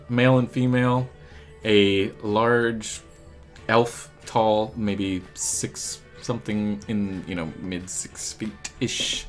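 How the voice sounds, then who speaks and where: A man narrating a tabletop game as dungeon master, in a slow, lively way with many pauses. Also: fairly low pitch.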